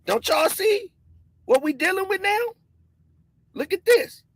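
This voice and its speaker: Loud excitable woman ranting. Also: very high voice, a little slow, dry recording, low-quality recording. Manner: emphatic, preachy. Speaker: commentary streamer. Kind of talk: conspiracy commentary monologue.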